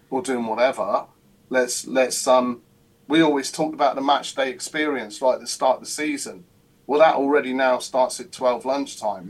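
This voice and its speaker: A man with an English accent, a football club chairman, talking casually and at length with many hesitations and repeated words. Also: medium pitch. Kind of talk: casual chat.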